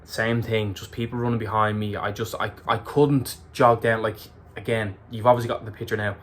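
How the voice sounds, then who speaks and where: A man's voice: lowish voice, steady tone, brisk. An Irish man recapping a race to camera in a candid, emotional way, swearing freely. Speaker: ultramarathon runner vlogger.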